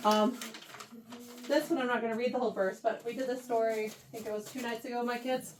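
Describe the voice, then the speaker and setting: A woman teaching a Bible lesson to a youth class, animated and often checking in with her listeners. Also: on the high side, fairly quick, a little hiss or hum. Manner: animated, keeps checking in with "right?". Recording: voice heard from far off the mic.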